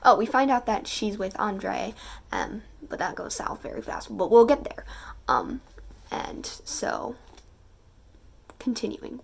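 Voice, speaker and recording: A young woman of eighteen reads passages aloud, then chats about them in a loose, gushing way, full of fillers and little giggles. Her voice sits at an ordinary middle pitch with a noticeable creaky fry running through it. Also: sing-song, takes it slowly, pauses often. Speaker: book vlogger. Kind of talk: casual reading vlog, reading passages aloud.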